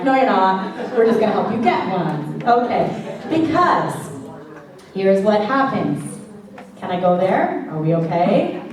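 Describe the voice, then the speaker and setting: A woman's voice: mid-range voice, animated, unhurried, a crowd in the background. A woman vocal coach teaching a worship singing class, chatty and playful, singing short examples of each point. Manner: demonstrates by singing vocal exercises. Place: classroom or church hall. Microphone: handheld mic. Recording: echoey room from far off, faint background noise.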